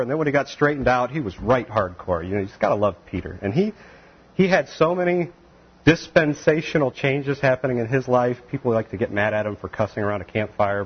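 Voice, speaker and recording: A man teaching the Bible verse by verse, animated and acting out the voices of the people in the story. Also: medium pitch, husky, lo-fi sound. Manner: animated, acts out voices of biblical figures.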